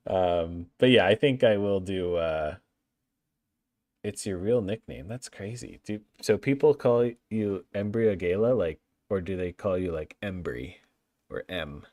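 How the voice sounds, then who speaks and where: A man's voice: low-pitched, slow, darkish tone, no echo. A man chatting casually on a livestream while building a game map, playful and talkative as he answers viewer chat.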